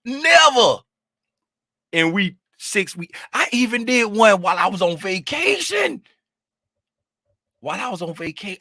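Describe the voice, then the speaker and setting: A man giving casual live-stream commentary as a trading educator, rambling and animated, repeating phrases as he vents. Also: on the high side, no room sound.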